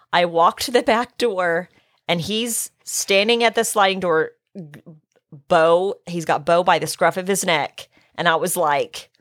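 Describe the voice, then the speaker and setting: A middle-aged woman, hoarse from illness, telling a story in casual chat, acting out her own quotes and swearing. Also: mid-range voice, fairly bright tone, no echo, clean studio sound.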